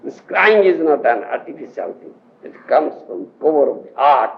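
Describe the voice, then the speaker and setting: Animated Odia-accented man lecturing on lo-fi tape. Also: medium pitch, moderate pace, vocal fry. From India. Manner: emphatic, questioning the audience, laughing often. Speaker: spiritual teacher giving a lecture. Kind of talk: scriptural lecture to devotees. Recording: dull lo-fi 1980s tape recording.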